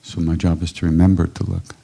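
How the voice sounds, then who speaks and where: A man's voice: sits low, little pitch movement, fast, gravelly. An older man telling stories in a casual, conversational way during a live retreat Q&A. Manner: warm anecdotal storytelling, casual and conversational. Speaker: kirtan teacher answering questions. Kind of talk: storytelling talk at a retreat Q&A. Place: ashram hall at a live retreat.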